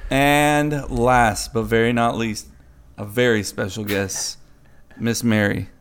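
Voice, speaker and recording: A man's voice: mid-range voice, fairly even intonation, slow pace, clean tone. A man hosting a casual podcast, introducing guests in an upbeat, playful way. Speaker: podcast host. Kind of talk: casual chat.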